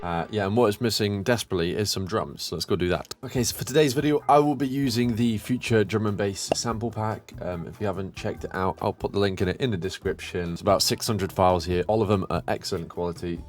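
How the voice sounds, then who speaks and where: A young man, a music producer, chatting casually and upbeat as he talks through making a track in his home studio. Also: deep voice. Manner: chatty, upbeat, lots of fillers and self-talk. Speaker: music producer, channel host. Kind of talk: casual tutorial commentary while producing. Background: electronic music playing.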